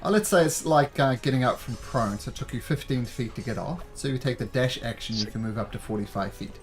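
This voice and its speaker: A man running a tabletop game as game master, calmly explaining rules and narrating the scene. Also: medium pitch, a little fast, music in the background. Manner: calm, explains rules patiently.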